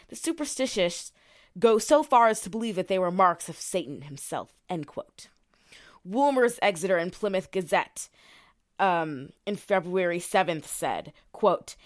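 A woman's voice: mid-range voice, dry recording, studio quality. A young woman co-hosting a podcast, telling a story in a casual, swearing, filler-heavy way and reading quotes aloud. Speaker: podcast co-host.

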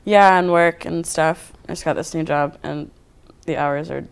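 A man's voice: on the high side, steady tone, normal speed, vocal fry, smooth. A young man, a guest artist, chatting casually on a podcast, laid-back and rambling with lots of fillers. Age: young adult. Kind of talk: casual chat.

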